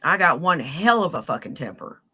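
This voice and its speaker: A woman's voice: low voice, big pitch swings, normal speed, pushed and bright, breathy edge. A woman in a played clip, ranting furiously and cursing heavily as she accuses someone. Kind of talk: angry profane rant.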